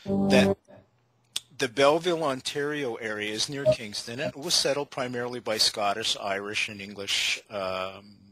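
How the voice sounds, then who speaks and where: A Canadian man hosting a paranormal talk show, telling stories in an animated way and addressing his listeners as folks. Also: medium pitch, normal speed, noisy background. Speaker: radio show host. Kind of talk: casual chat.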